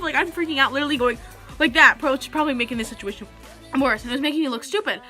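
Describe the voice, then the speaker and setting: A woman's voice: sits high, fast talker, pushed and bright, soft background music. A teenage girl telling a story to camera in a rambling, chatty way, full of "like.". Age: teenager, about 16. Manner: chatty, rambling, heavy use of "like". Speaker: vlogger.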